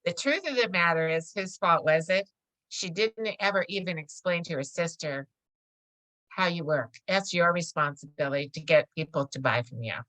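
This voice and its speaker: A woman's voice: on the low side, normal speed, a bit bright, dry recording, low-quality recording. A middle-aged woman teaching a real estate course in a casual, chatty way, often laughing as she tells stories. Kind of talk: casual classroom lecture.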